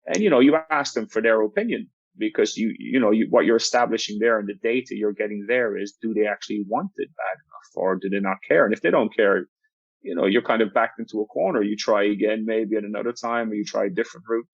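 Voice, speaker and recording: A man with a fairly low voice tells a story from his work as a basketball coach. He talks earnestly and often restarts mid-phrase. The recording sounds dull and lo-fi in a dry, close space. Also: quick pace, gravelly, dry recording. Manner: earnest, explanatory, frequent restarts and repeated words. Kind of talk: podcast interview, telling a coaching story.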